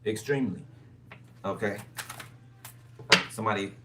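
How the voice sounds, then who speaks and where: A man's voice: on the low side, unhurried. A man giving a casual tarot reading, musing aloud and repeating phrases with frequent "okay?" checks. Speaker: tarot reader. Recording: distant mic with background noise.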